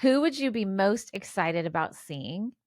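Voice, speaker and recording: Expressive woman co-host, dry sound. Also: mid-range voice, dry recording. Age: 40s. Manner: reacts with quick exclamations and laughs. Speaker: podcast co-host. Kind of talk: casual chat.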